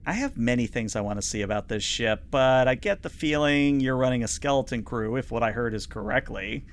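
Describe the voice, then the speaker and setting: A man's voice: medium pitch, lively intonation, a little fast, slight background noise, close to an everyday voice. Brief: a man doing a tired, dry-witted woman admiral for a tabletop game. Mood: weary. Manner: dry, sighing. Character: weary female fleet admiral, dry and exasperated.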